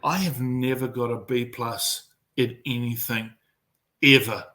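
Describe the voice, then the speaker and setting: A man's voice: medium pitch, a little slow. A middle-aged man from New Zealand with a New Zealand accent, a mental performance coach telling stories bluntly with a lot of swearing in a casual podcast chat. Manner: blunt, heavy swearing, animated storytelling.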